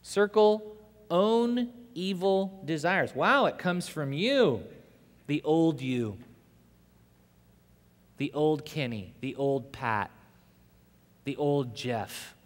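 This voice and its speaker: Animated male preacher in an echoey hall. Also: fairly high pitch, drawn-out words, long pauses. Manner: animated storytelling, swinging from loud to hushed. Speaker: pastor. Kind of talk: sermon.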